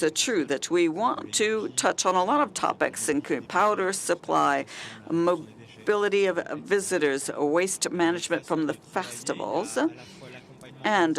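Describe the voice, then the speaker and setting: Panel speaker at a conference, lots of uhs and restarts, middle pitch. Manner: hesitant, many fillers and restarts. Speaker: panelist from a regional festival association.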